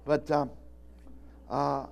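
Gray-haired male preacher, homespun and rambling, voice a touch high. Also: little pitch movement, extremely slow, gravelly. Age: older. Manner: folksy, rambling, with many restarts. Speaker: pastor. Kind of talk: sermon.

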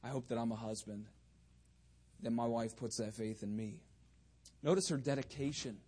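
A man preaching a sermon with fervour, swinging between loud bursts and quieter asides. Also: medium pitch, normal speed.

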